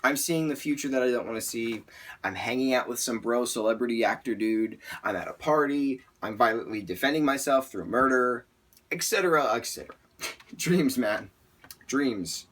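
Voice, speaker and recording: A man's voice: mid-range voice, lively intonation, moderate pace, a bit bright. A man narrating his journal in the first person, with a casual, irreverent delivery. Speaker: narrator reading journal entries.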